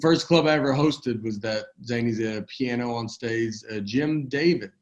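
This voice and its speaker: A man's voice: mid-range voice, normal speed, lo-fi sound. A man guesting on a podcast, chatting in an easygoing, rambling way full of restarts. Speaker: comedian guest. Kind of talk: casual chat.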